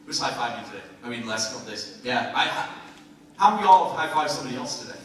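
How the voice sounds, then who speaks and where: Speaking fast in a mid-range voice, a motivational speaker jokes around and quizzes the crowd during an energetic talk to a live audience in an event hall. The mic sits far away, and the noisy hall echoes heavily.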